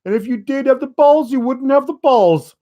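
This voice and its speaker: A man's voice: extremely high pitch, moderate pace, highs cut off, pitched above the performer's own voice. A man mimicking a boastful male wrestler who repeats mocking taunts. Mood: taunting.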